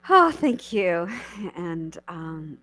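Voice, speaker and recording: A woman minister speaking casually in a church service, her pitch moving a lot as she stumbles over her words. She talks at an unhurried pace. The sound is dry and close. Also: sing-song, dry recording. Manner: halting, stumbling restarts and soft laughs. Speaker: reverend minister leading the service. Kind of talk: emotional casual thanks in an online church service.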